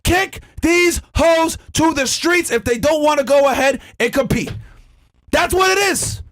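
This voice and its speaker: Male podcast host, very high voice, aggressive profane lecturer who shouts his points. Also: measured pace. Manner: loud, profane, forceful lecturing. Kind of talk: heated podcast rant.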